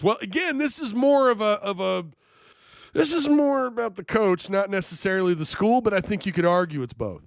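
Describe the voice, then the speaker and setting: An animated male sports host talks on a live stream, his pitch leaping around as he reacts in disbelief to the news and jokes with chat. His voice sits fairly high for a man. The sound is close and dry, with no room echo. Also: moderate pace, creaky. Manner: animated, incredulous, jokey with chat. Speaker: sports talk show host.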